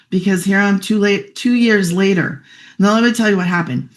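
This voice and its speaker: A heartfelt middle-aged woman telling her own story in a quick, chatty way. Her voice sits at an ordinary pitch, and at moments she fights back tears before pushing on. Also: fairly even intonation. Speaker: guest sharing her story. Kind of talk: emotional personal testimonial.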